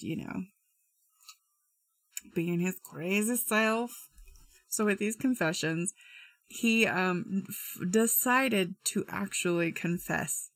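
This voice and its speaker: Slow-talking gravelly-voiced woman. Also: medium pitch, no room sound. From Utah. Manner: chatty, casual asides and slang. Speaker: true crime host. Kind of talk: casual true crime storytelling.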